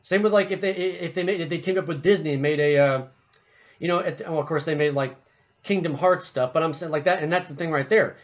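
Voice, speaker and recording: An adult man with a fairly high voice delivers a quick, casual opinion monologue about a video game, rambling with lots of fillers and restarts. The recording is muffled and lo-fi.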